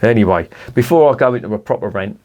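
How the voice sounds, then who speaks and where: A man's voice: lowish voice, animated, fast, noisy background. Blunt sweary beer reviewer man. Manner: blunt, sweary, grumbling asides. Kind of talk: casual beer review vlog.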